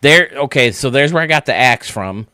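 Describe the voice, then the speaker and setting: A man's voice: medium pitch, animated, moderate pace, sharp tone, clear, resonant tone, no echo, clean studio sound. A man hosting a casual gaming stream, rambling and thinking aloud as he works, with frequent laughs. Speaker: streamer and game designer host.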